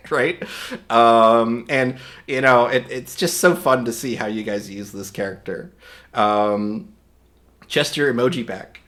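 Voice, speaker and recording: A man hosting a livestream, talking casually and rambling with many restarts, his voice a little hoarse today. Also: mid-range voice, takes it slowly, a bit bright. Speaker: livestream host. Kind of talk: casual stream chat.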